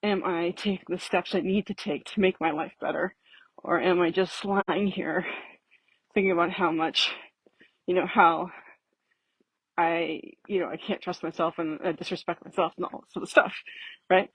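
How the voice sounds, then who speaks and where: A woman's voice: fairly low pitch, fairly even intonation, moderate pace, breathy edge, no echo, poor audio. A woman talking casually while walking up a hill outdoors, out of breath, rambling and laughing often as she thinks aloud. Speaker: vlogger. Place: outdoors on a street.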